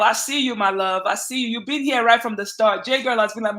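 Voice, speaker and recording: A woman with a Nigerian accent hosting a casual livestream, greeting viewers by name in an emphatic, lively way. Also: on the high side, a little fast, few pauses. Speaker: channel host.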